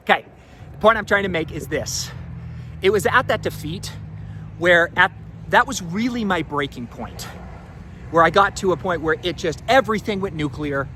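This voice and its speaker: High-voiced young man telling a personal story. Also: moderate pace, long pauses. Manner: candid, animated storytelling with restarts and frequent "like". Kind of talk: self-recorded personal storytelling. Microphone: self-recording on a phone or camera. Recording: outdoor recording with traffic noise.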